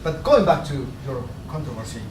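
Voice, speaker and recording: A man playing a wry, knowing ancient god who lectures the others with gentle amusement, in a stage play. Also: medium pitch, sing-song, fairly quick, distant mic, close to an everyday voice. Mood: amused. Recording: roomy stage, picked up from afar, noisy.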